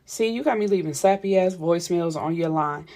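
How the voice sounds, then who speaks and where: Give me a boastful, slangy young man, as a woman quotes him, with a low voice. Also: a little fast, warm tone, close to an everyday voice. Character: brash young man, streetwise and defensive.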